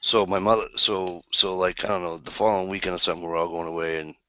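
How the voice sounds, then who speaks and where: A man's voice: low-pitched, flat delivery, fast, bright, forceful tone, no echo. A man telling a rambling, swear-laced story in casual chat. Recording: dull lo-fi sound.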